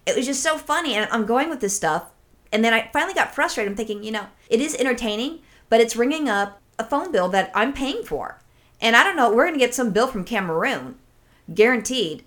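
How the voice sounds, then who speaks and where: A woman's slightly high voice moves a little fast as she co-hosts a casual podcast. She tells an energetic story full of swearing and does impressions of the callers.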